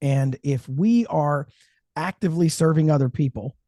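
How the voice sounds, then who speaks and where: Enthusiastic higher-voiced male podcast host. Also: moderate pace, dry recording, studio quality. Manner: energetic, enthusiastic, slips into a radio voice for ads. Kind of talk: casual podcast chat with ad read.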